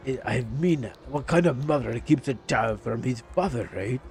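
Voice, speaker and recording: A man voicing a pleading estranged father in a horror game, speaking softly and hesitantly. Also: medium pitch, expressive, normal speed, creaky, faint music behind, voice pushed down. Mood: quiet, menacing. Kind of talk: reading horror game dialogue aloud.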